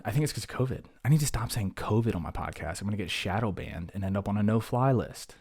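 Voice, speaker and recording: A man's voice: fairly low pitch, expressive, fast, vocal fry, a little mellow, breathy edge. A man hosting his own podcast, rambling in a casual, jokey way and talking himself down from rants. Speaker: podcast host. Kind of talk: casual solo podcast monologue.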